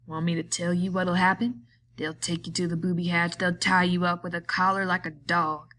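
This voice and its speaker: Woman reading as a bitter lonely man, slow goading drawl, lowish voice, storybook reading. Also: level tone, a bit bright, close to an everyday voice. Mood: taunting.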